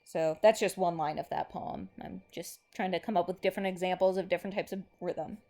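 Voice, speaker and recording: A woman teacher giving a relaxed recorded lesson, thinking aloud with lots of ums and stretching out lines of verse slowly. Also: on the low side, gravelly. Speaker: English teacher.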